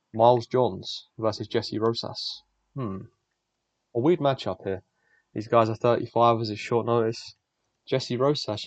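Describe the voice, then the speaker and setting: A man's voice: lowish voice, no room sound. A young man, the host, giving blunt, profane, rambling fight predictions in casual solo commentary. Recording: dull lo-fi dry recording.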